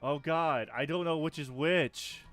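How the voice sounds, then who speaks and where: A man's voice: fairly high pitch, unhurried, a bit bright, faint music behind. A man casually talking through a video game on a live stream, swearing and laughing now and then.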